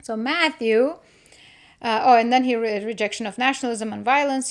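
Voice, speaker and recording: A woman hosting a casual solo podcast, thinking aloud with restarts and quick laughs. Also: on the high side, creaky, a bit bright. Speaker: podcast host.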